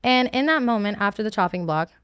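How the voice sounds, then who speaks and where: A woman's voice: mid-range voice, lively intonation, fast, fairly bright tone, clear, resonant tone, no echo. A young adult woman being interviewed as a podcast guest, talking candidly and emotionally, rambling with many restarts.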